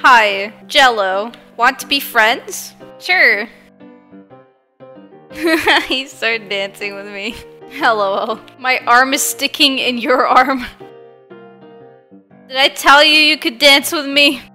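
A woman's voice: sits high, slow, long pauses, bright, forceful tone. A young woman playing a game on camera, chatting with other players, giggling often. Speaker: gaming YouTuber. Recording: game music faintly behind.

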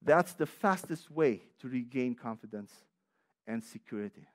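A man's voice: medium pitch, expressive, moderate pace. A man preaching a sermon as a pastor. He talks with heavy emphasis and repetition, often restarting his sentences, and mixes in personal asides with light laughter.

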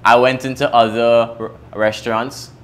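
A man's voice: mid-range voice, normal speed. Trinidadian young man telling his story. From Trinidad and Tobago. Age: young adult. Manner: candid, emotional, swings from lively to hushed. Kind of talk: personal storytelling to camera.

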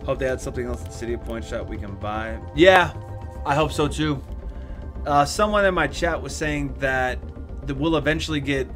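A man streaming a game, giving casual let's-play commentary in an excitable, joking, rambling way. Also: medium pitch, normal speed, soft background music.

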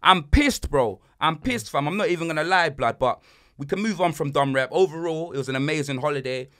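Animated high bright bloke. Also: male voice, a little fast. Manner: animated, slangy, swings loud and soft. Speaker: podcast host. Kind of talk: casual banter podcast.

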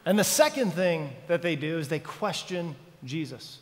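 High-voiced man preaching in a hall. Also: very animated, moderate pace. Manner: dramatic, asks the congregation many questions. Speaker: pastor. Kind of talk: sermon. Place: church sanctuary. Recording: church hall reverb.

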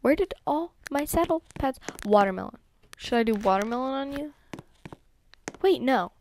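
A woman's voice: sits high, lively intonation, moderate pace, darkish tone, a little hiss or hum. A young woman giving chatty gameplay commentary, talking to herself and to her horses with many ums and whispered asides. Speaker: gaming YouTuber.

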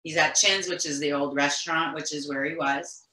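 A middle-aged woman with a low voice and a bright, forceful edge tells her story in an earnest, insistent way, looping back and restarting as she goes. The room around her is echoey. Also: steady tone, moderate pace, slight background noise. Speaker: interview guest, mother of the deceased. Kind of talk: emotional recounting in conversation.

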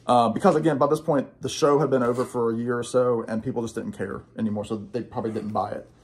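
A young man rambles excitedly about the records he picked up, with plenty of ums and restarts. His voice sits at an ordinary middle pitch, and the talk is loose and conversational. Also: quick pace. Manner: rambling, enthusiastic, many fillers. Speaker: guest record collector. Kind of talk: casual chat about a record haul.

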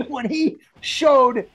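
A man's voice: very high-pitched, very slow, a bit bright, soft background music. A male co-host in casual podcast banter, joking and sarcastic, often acting out lines from the film. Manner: jokey, sarcastic, acts out quotes.

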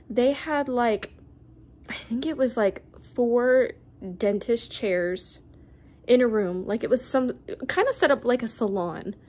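A young woman vlogger telling a personal story in a casual, rambling way, with many fillers and restarts. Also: on the high side.

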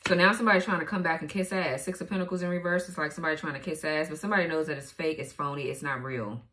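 A woman's voice: low-pitched, fairly even intonation, rapid-fire, fairly bright tone. Blunt, profane woman reading tarot cards. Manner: blunt, profane, laughs often. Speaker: tarot reader.

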